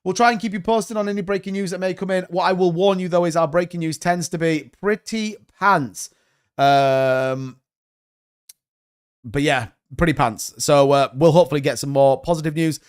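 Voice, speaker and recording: A man's voice: fairly high pitch, normal speed, clean tone. A young man hosting a crypto live stream, talking casually and rambling with jokey asides to his chat. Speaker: crypto livestream host.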